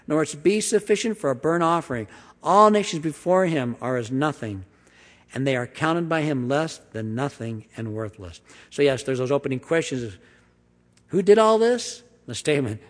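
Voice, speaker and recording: A man preaching a sermon, reading scripture aloud with sweeping emphasis and then dropping into quiet, conversational explanation. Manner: emphatic reading with big swings of pitch and volume, dropping to quiet asides. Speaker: pastor. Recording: long hall reverb.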